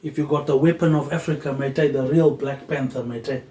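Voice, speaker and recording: A man hosting a solo podcast, rambling loosely with "um" pauses and dropping a low, quiet "mate" at the end of his phrases. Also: steady tone, reverberant, low-quality recording. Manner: drifting, loosely connected talk with "um" pauses. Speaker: podcast host.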